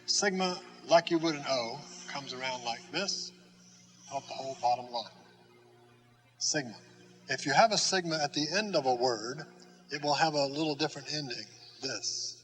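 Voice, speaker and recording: Male teacher, mid-range voice, slow explanatory delivery full of fillers, sounds out each letter. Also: mid-range voice, a bit bright, rough recording. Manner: slow, patient, with many fillers and restarts; demonstrates sounds and letter strokes. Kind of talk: classroom lesson.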